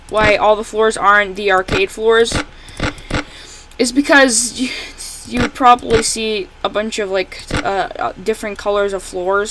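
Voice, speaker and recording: A woman giving casual, rambling commentary while playing a fan game she made, correcting herself often and breaking into excited outbursts at the characters. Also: mid-range voice, background noise. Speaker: fan game creator playing her own game.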